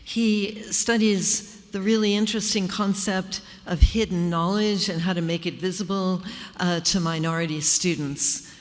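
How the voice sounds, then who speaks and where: A woman acting as moderator, giving a formal introduction of the next speaker in a measured way. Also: lowish voice, fairly even intonation. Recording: reverberant hall.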